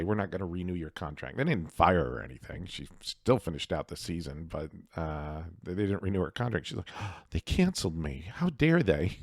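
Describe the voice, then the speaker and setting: Middle-aged male vlogger, very low gravelly voice, profane rambling rant, dry close mic. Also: dry recording. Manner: profane, rambling, with frequent fillers and laughs. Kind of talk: casual opinion rant.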